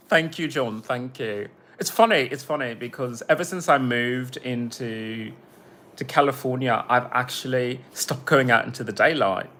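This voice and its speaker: A man's voice: medium pitch, normal speed, pushed and bright. A man who makes his own music, chatting casually on a livestream. He rambles, swears freely and breaks off to greet viewers.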